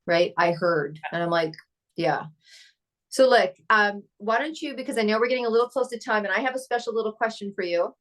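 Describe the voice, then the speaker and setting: A woman's voice: a little high, fast, hardly any pauses. A woman hosting a podcast, chatting casually and acting out voices when she quotes people. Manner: lively, acts out quoted voices. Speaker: podcast host. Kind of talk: casual interview chat.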